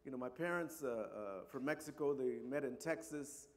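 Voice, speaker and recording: At a normal speed and in a mid-range voice, the man relates a personal story. He's from Compton, California and has a Chicano English accent, and his telling is warm and rambling, peppered with "you know" and "right."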